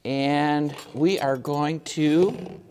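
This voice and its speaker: A man's voice: a little high, extremely slow, a little mellow, long reverb tail, a little hiss or hum. A man teaching a music lesson to young children, patient and encouraging, guiding them through listening and clapping rhythms.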